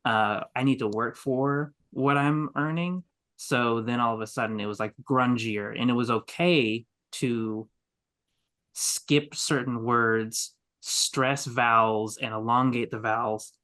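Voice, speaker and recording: A man's voice: medium pitch, fairly even intonation, slow pace, bright, forceful tone. A man co-hosting a podcast, explaining casually with many fillers and restarts. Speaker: podcast co-host. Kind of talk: casual chat.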